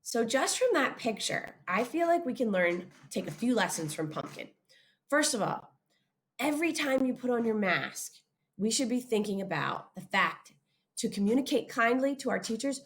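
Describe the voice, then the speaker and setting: A woman giving a chapel talk to young schoolchildren, expressive and lively, putting questions straight to the kids. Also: mid-range voice, moderate pace.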